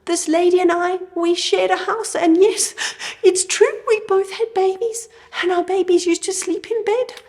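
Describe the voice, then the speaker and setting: A woman's voice: very high voice, steady tone, unhurried, darkish tone, pitched above the performer's own voice. A woman voicing a distraught young mother who sobs and begs for help in a Bible story for children. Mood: sobbing, pleading. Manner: tearful, begging.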